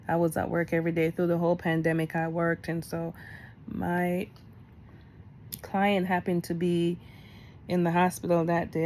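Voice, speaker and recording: A middle-aged woman talking candidly in a storytime vlog, getting animated as she retells events. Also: on the low side, gravelly, slight background noise. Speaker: vlogger.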